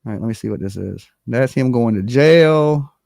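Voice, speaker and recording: A livestream host giving animated, blunt and profane commentary, talking straight to the chat and opening call-in lines. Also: medium pitch, moderate pace, creaky, no room sound, studio quality. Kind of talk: live-stream commentary with call-ins.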